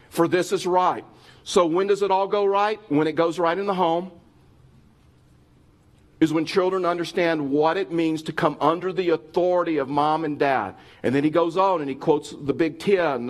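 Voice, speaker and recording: A middle-aged male pastor delivering a sermon with a slightly raised voice. He presses his point earnestly, turns straight to his listeners, and often stumbles and restarts mid-phrase. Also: fairly high pitch. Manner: earnest, addressing listeners directly, frequent restarts. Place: church service.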